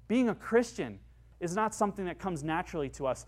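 A man's voice: high voice, expressive, brisk. A man preaching a sermon with passion, rising to emphatic peaks. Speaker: pastor.

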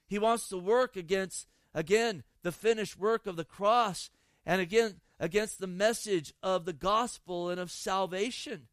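High, smooth-voiced pastor preaching passionately. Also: male voice, a bit bright, dry recording. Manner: impassioned preaching with repeated phrases. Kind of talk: sermon. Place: outdoors in a garden.

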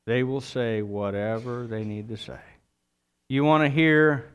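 A man's voice: mid-range voice, normal speed, pauses often, clear, resonant tone. A middle-aged man preaching a sermon, reading scripture and then explaining it in a conversational way with asides. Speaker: pastor.

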